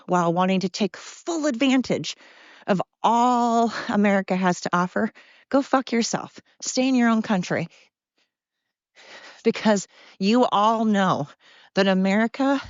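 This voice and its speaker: A middle-aged woman podcast host delivers a casual rant while walking outdoors in the cold, out of breath and swearing freely in a blunt, sarcastic tone. Her voice is mid-range, and the lo-fi recording sounds dull, dry and close with no echo.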